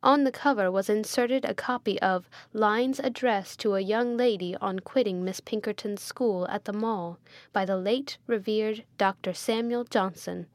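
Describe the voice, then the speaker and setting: A woman narrating a classic novel in a measured, formal reading style. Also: mid-range voice, no echo. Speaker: audiobook narrator.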